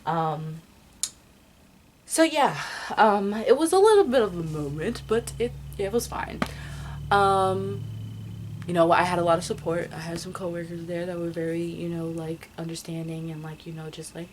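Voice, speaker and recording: A woman's voice: fairly low pitch, moderate pace, noisy background. A young woman telling a personal story in a casual vlog, rambling with many fillers and restarts. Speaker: vlogger.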